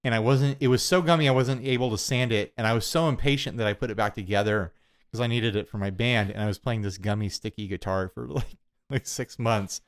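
A man's voice: medium pitch, a little fast. Young male co-host, loose self-deprecating rambler with frequent laughter. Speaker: podcast co-host. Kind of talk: casual chat.

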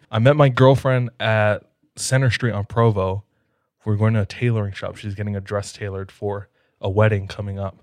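A man's voice: lowish voice, level tone, normal speed, a little mellow, no echo. Easygoing man, dry close sound. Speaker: podcast co-host. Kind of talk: casual chat.

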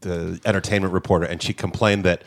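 A man's voice: sits low, level tone, fast talker. A man chatting on a casual podcast as producer, with wry humor. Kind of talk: casual chat.

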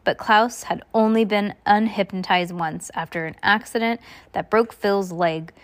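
A woman reading a novel aloud, stumbling and restarting often. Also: mid-range voice. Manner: halting, with many restarts. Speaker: reader.

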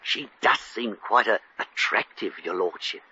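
An actor playing a nervous, fawning resort clerk who stammers and fusses, in 1940s radio comedy. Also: male voice, lowish voice, unhurried, bright, forceful tone, breathy edge, full character voice. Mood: flustered. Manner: flustered, stammering and deferential. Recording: dull lo-fi old radio recording.

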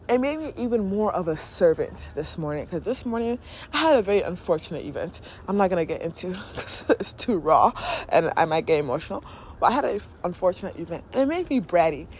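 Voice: mid-range voice, lively intonation, brisk, a little hiss or hum. A podcast host talking candidly and emotionally in a casual spiritual monologue, often laughing and acting out inner voices.

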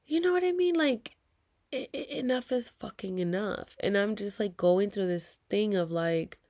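A woman's voice: medium pitch, normal speed, darkish tone. A woman, venting to viewers in a heated, profane story with whispered asides. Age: 30s. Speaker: vlogger.

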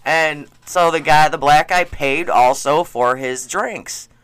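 A man telling stories in casual chat, animated and laughing often as he acts out what people said. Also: on the high side, slow pace, smooth, no echo. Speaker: gas station clerk.

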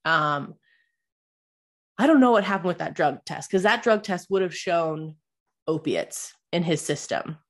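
A woman's voice: fairly low pitch, animated, measured pace. A young adult woman, telling a personal story in a candid, rambling way, swearing freely and using lots of fillers.

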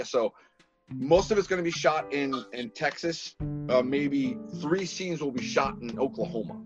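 A man's voice: mid-range voice, normal speed, muffled recording, music in the background. Man with a Boston accent. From Massachusetts. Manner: rambling, animated storyteller with many restarts. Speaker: filmmaker guest. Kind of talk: casual interview chat.

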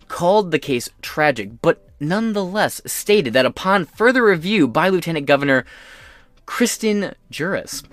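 A man's voice: mid-range voice, fairly bright tone, no echo. Crude, ranting male podcast host. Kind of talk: profane political commentary.

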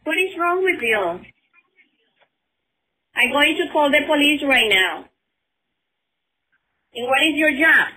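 Brief: woman, high and sharp-toned voice, keeps repeating accusations in clipped, non-standard English. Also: poor audio. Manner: repeats accusing questions, broken English phrasing. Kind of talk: prank call soundboard clips.

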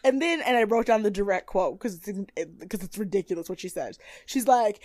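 A young woman co-hosting a casual recap chat, animated, acting out quotes in high voices and swearing freely. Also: fairly quick, hardly any pauses, no room sound. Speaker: podcast co-host.

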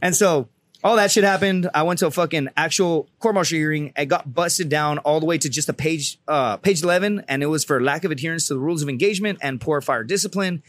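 A former Marine sniper telling rambling, profane war stories in casual chat, full of restarts. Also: male voice, fairly high pitch, fast talker, a bit bright, no echo. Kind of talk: casual storytelling.

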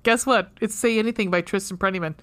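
A woman's voice: mid-range voice, fast talker, a bit bright. A woman co-hosting a casual podcast chat, rambling and swearing freely as she laughs through her notes. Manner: rambling, profane, laughs often. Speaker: podcast co-host. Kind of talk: casual chat comparing book and movie.

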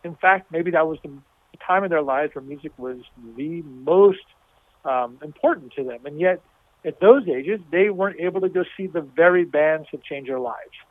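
A man from Washington, D.C., speaking in a measured, reflective way in an interview. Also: a little high, animated, dry recording. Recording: thin phone-like sound.

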